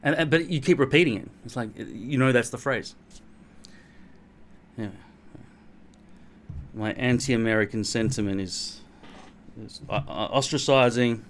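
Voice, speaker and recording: A man's voice: mid-range voice, slight background noise. Rambling Australian man, blunt and self-mocking. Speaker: vlogger. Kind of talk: casual rambling monologue to camera.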